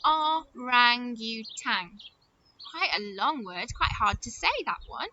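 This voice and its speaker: A woman teacher leading an early-years phonics lesson, speaking slowly and encouragingly as she says words clearly and claps out their syllables. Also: fairly high pitch, big pitch swings. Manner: slow, sing-song, encouraging, clapping out syllables. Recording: dull lo-fi sound with loud noise.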